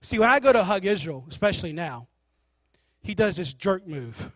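A man with a high voice preaches a sermon, telling stories and slipping into the voices of the people in them. His delivery is animated and conversational, with no room echo at all. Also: normal speed. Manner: animated storytelling, acting out characters.

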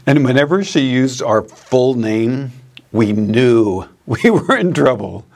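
A priest delivering a homily at an unhurried, very slow pace, with a voice of middling pitch for a man. He tells stories, laughs along with them and lingers on key phrases. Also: animated, vocal fry, darkish tone. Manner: storytelling, laughing at his own anecdotes. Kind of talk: sermon.

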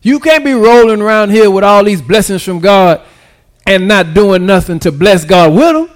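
A man with a high voice preaching a sermon. He keeps checking in with the congregation and swings from near-whispered asides up to loud, excited peaks. His grammar is loose and conversational. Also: moderate pace. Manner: preaching with call-and-response, swinging from hushed to shouted; casual vernacular grammar. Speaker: pastor.

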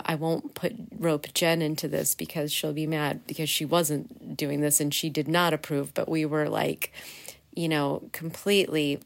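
A woman's voice: deep voice, gravelly. A woman hosting her own podcast, talking casually and earnestly with many fillers and small laughs. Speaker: podcast host. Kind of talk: casual solo podcast talk.

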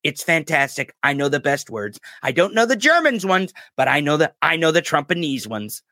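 A man's voice: a little high, sing-song, moderate pace, sharp tone, no echo, pitched below the performer's own voice, heavily acted. A man doing a mocking impression of a boastful, pompous older male politician. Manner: mocking impression, self-satisfied bragging.

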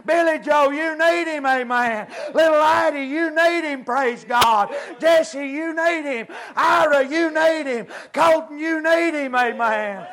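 A man preaching an impassioned revival sermon, chanting repeated phrases and shouting out to the congregation. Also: extremely high pitch, measured pace, few pauses.

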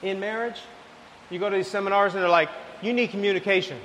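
A man preaching a sermon, telling a lively everyday story, then dropping to soft, low lines. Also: fast talker, in a large hall, slight background noise. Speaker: pastor.

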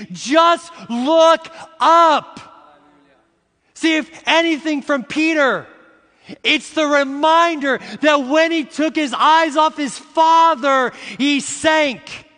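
A middle-aged man preaches in a high, bright voice, drawn out and deliberate, swelling into shouted lines. His words ring with the long reverb of a large hall. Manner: preaching with rising shouts and slow emphatic repetitions; uses "y'all" and "see" to address the congregation. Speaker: pastor. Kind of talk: sermon.

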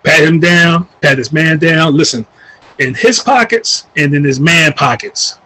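A man tells a story in a relaxed, casual way, with a husky, slightly raised voice. He is animated and profane, and he acts out the lines of the people in it. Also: fairly high pitch, unhurried, low-quality recording. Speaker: guest telling a story.

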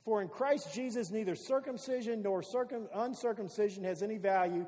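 Guy preaching a sermon, pretty high voice, repeats stuff for emphasis, echoey church sound. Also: moderate pace, few pauses, dark tone. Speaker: pastor.

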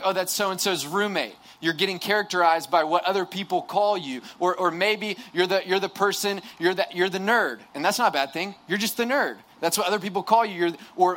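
A man's voice: sits high, fairly bright tone. A young man speaking to a live audience, telling a humorous, self-deprecating story in a sermon, with many restarts and asides. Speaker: campus ministry speaker.

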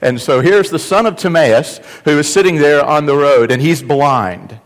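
A man preaching a sermon, telling the story with animated delivery that swings from loud cries to hushed asides. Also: on the high side, normal speed. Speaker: pastor. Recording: long reverb of a large hall.

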